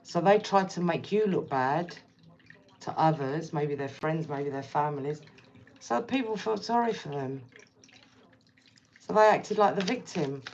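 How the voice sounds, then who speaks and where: A woman's voice: low-pitched, animated, unhurried, long pauses, a little mellow, lo-fi sound, a little hiss or hum. A woman giving a casual tarot reading, speaking bluntly and repeating herself as she addresses the viewer directly. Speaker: tarot reader.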